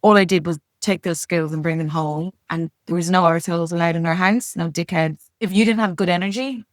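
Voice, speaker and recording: A middle-aged woman telling her story as a podcast guest, frank and earnest, with blunt language and quick restarts. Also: on the low side, steady tone, no echo, studio quality. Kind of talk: candid conversational storytelling.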